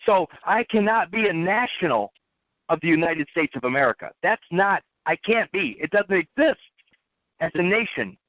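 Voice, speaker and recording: A man's voice: sits high, animated, moderate pace, dry recording. A man giving a lecturing monologue, posing rhetorical questions and repeating his phrases for emphasis. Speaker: speaker. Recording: dull, dry lo-fi recording.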